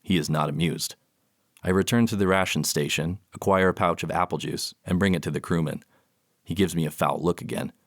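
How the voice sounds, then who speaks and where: A man with a low voice reads an audiobook, narrating a scripted story in a steady, measured way. There is no echo, just clean studio sound.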